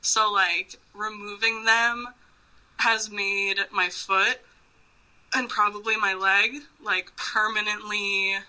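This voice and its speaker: Bright, swearing woman guest. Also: medium pitch, fairly even intonation, slow pace, rough recording. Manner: profane, laughing, rambling. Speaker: podcast guest. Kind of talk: casual phone chat.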